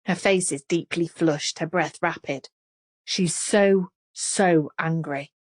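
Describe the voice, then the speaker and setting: A woman reading a thriller audiobook in measured, dramatic narration. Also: deep voice. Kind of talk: scripted narration.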